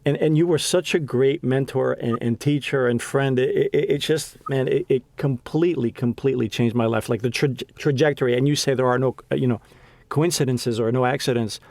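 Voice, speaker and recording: A man's voice: mid-range voice, creaky, a little mellow, no echo. A young man hosting a podcast, speaking with heartfelt emotion in a casual conversation and often restarting his sentences. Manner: heartfelt, halting with many restarts. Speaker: podcast host.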